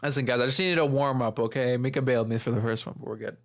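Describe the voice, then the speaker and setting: A man's voice: medium pitch, steady tone, quick pace, a little hiss or hum. A man chatting casually on a game stream, joking and self-deprecating. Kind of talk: casual gaming stream chat.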